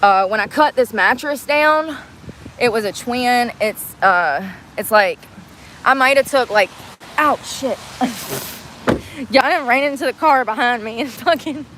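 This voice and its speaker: A woman's voice: a little high, expressive, a little slow, a bit bright, slight background noise, poor audio. Giggly, profane woman rambling on a livestream. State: out of breath from effort. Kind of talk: casual livestream chat. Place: in and around a car.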